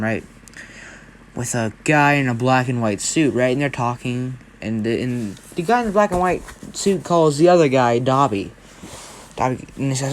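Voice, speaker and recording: A man's voice: medium pitch, a little hiss or hum. Rambling young man telling a story. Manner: rambling, keeps asking right?. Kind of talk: casual storytelling.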